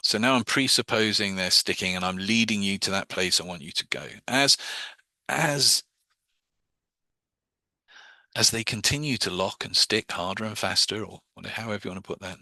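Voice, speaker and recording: A man's voice: on the low side, bright, forceful tone, dry recording. A man teaching hypnosis, explaining his own wording step by step as he demonstrates the techniques.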